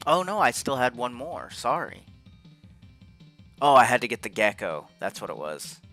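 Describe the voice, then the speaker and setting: A man's voice: medium pitch, sing-song, normal speed, sharp tone. A man giving casual, rambling commentary over his own gameplay footage, frustrated and swearing often. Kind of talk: casual post-game commentary. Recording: faint game music behind.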